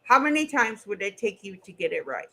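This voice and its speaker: A woman's voice: medium pitch, very animated, brisk, sharp tone, poor audio. A middle-aged woman hosting a casual livestream chat, blunt and goofy, swearing freely. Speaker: streamer and co-host.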